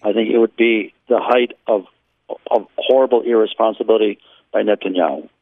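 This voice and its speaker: Calling in over a tinny phone line from his home near Jerusalem, an Israeli law professor is a radio interview guest. His lowish voice is steady and brisk with no echo, and he talks bluntly and candidly, peppering it with ums and sarcastic remarks.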